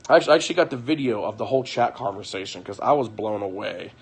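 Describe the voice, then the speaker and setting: A young man on a late-night personal livestream, retelling an argument in an animated way, repeating himself and swearing. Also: lowish voice, racing, husky.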